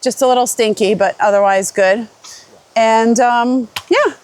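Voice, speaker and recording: A hiking vlogger with a fairly high, congested voice talks unhurriedly on an outdoor forest trail. She chats casually and rambles, leaning on lots of fillers.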